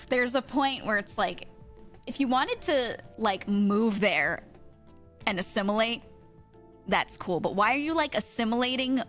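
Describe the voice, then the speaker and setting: A woman's voice: a little high, animated, measured pace, long pauses, a bit bright, faint music behind. An American woman streamer telling a story in casual chat, rambling with lots of fillers and frequent laughter.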